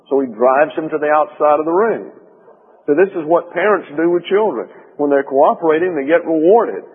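Male preacher, measured and explanatory, recorded with long reverb. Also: on the high side, animated, breathy edge. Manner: slow, deliberate explaining. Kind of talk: sermon teaching. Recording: tinny phone-line sound in long reverb.

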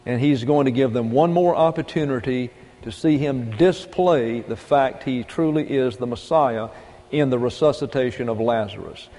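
A man's voice: mid-range voice, normal speed, mellow, in a large hall. A male pastor preaching a sermon in a folksy, emphatic way, asking rhetorical questions.

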